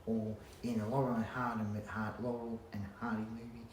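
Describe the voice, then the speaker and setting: Man, casual vlog rant, halting and sweary, echoey home recording. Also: on the low side, level tone. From Australia. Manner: rambling, halting restarts, blunt swearing. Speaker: vlogger. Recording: roomy echo, faint background hum.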